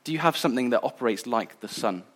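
A man's voice: medium pitch, animated, fast. A man giving a sermon in an earnest, conversational way. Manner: earnest, conversational, some restarts. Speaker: preacher.

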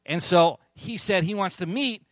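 A man preaching a sermon as a pastor, telling stories with animated, acted-out quotes. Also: high-pitched, moderate pace, no echo. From Southern California. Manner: animated storytelling, acts out quotes.

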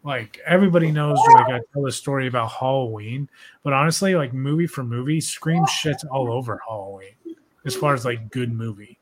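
A man's voice: medium pitch, fairly quick, a crowd in the background. Young male podcast host, casual and profane, loose rambling delivery. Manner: profane, laid-back, rambling with many "like"s.

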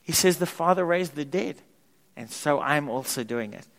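A man pastor preaching a sermon in a church, emphatic and animated, repeating key words for effect. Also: a little high, normal speed. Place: church sanctuary. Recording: long reverb of a church hall.

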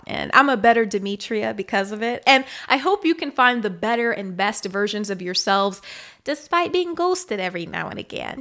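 A woman's voice: fairly high pitch, a bit bright. A young adult woman hosting her own podcast, talking casually and often checking in with "okay?". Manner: chatty, often ends with "okay?". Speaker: podcast host. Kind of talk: casual solo podcast monologue.

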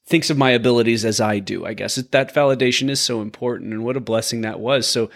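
Pembawa acara pria yang reflektif. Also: male voice, mid-range voice, fast, gravelly. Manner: reflective, supportive, restarts his phrases. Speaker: podcast co-host. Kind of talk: casual interview chat.

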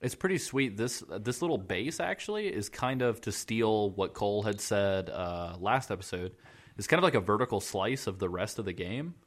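A man co-hosting a casual podcast, explaining game details at length in a relaxed way with fillers. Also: fairly low pitch, moderate pace. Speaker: podcast co-host. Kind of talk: casual chat about a video game.

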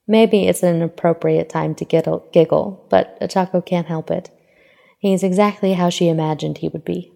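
Low gravelly woman narrating fan fiction. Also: fairly even intonation, normal speed, warm tone. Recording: long hall reverb.

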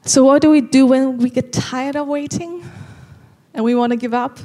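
A woman giving an earnest sermon, slowing down to stress key lines. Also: high-pitched, steady tone, warm tone. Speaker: preacher.

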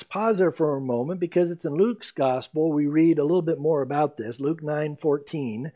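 Casting: emphatic male pastor, fairly high voice, teaching verse by verse. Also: warm tone. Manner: emphatic, reads scripture aloud slowly, then explains. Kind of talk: expository sermon.

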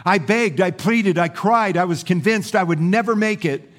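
A pastor voicing a frightened, complaining talking teacup that pleads and cries out while it is shaped, fired and painted in a sermon story. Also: male voice, high-pitched, moderate pace, a bit bright, voice pushed up. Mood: pleading.

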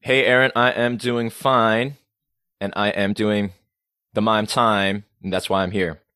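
A man's voice: on the low side, fairly even intonation, slow, bright, forceful tone, clean tone, no echo, studio quality. A man from Rhode Island, a podcast guest chatting casually, playful and self-mocking, rambling with restarts. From Rhode Island, USA.

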